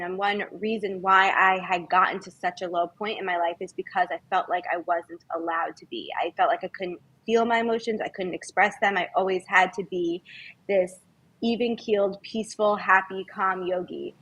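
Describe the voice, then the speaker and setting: A woman guest on a podcast, speaking in an earnest, heartfelt, measured way in casual conversation. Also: medium pitch, steady tone, a bit bright, low-quality recording.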